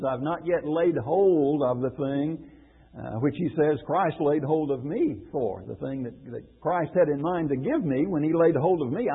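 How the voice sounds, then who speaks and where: A man's voice: fairly high pitch, breathy edge. A man preaching a radio lesson, earnest and questioning, repeating phrases for emphasis. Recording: phone-like radio broadcast with long reverb.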